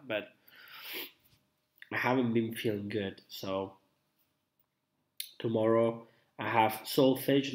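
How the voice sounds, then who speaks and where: A young man chats with his live-stream viewers while he is feeling unwell. His voice sits at an everyday middle pitch. He rambles, backtracks and fills the pauses with ums and uhs. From Italy. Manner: chatty, rambling, with many fillers and restarts. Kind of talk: casual live-stream chat.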